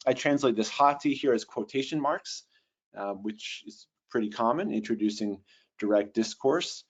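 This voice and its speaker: A man teaching a webinar lesson on Bible translation. He explains carefully and reads Greek slowly. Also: medium pitch, a little mellow, highs cut off. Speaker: Bible software trainer.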